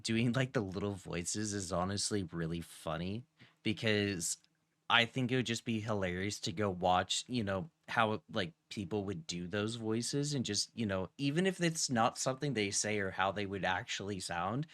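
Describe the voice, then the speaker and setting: A lower-pitched man hosts a laid-back stream conversation, chatting loosely with many fillers. The sound is dry and close, with no room around it. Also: normal speed, a bit bright, dry recording. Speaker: streamer host interviewing a guest. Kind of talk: casual chat.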